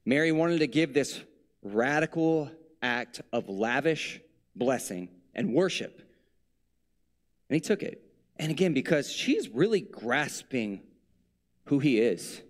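A man's voice: medium pitch, expressive, takes it slowly, long pauses. A male preacher giving a sermon in a conversational, reflective way, with playful asides.

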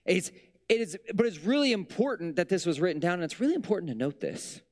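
A man preaches in a loose, conversational way, dropping in jokes and asides. His voice sits a touch high and rises and falls with emphasis. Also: fast. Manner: conversational, humorous asides, lively pitch swings. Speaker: pastor. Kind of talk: casual sermon.

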